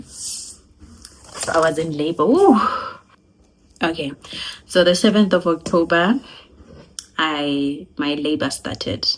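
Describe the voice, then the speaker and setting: A young woman with a South African accent tells a personal story to camera in an animated, laughing way. Her voice sits a little low and has a slightly husky edge. She slips between languages as she talks. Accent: South African (Sesotho-speaking). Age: young adult. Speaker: vlogger. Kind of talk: casual storytime.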